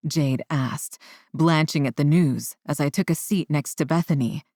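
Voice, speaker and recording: A woman reading a romance audiobook in the first person, in a measured way, raising her voice for the characters. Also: sits low, darkish tone, dry recording, studio quality. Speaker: audiobook narrator. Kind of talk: scripted first-person narration.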